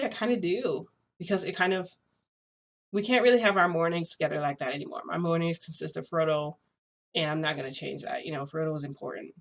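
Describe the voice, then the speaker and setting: A young woman vlogger rambling casually through a personal story, full of filler words. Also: sits low. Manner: chatty, rambling, frequent "like" fillers. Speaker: shifting vlogger.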